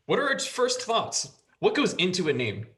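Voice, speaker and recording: A man's voice: high-pitched, huge pitch swings, moderate pace, pushed and bright. A man hosting a casual school podcast, prompting the group with questions and laughing easily. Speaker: podcast host guiding discussion.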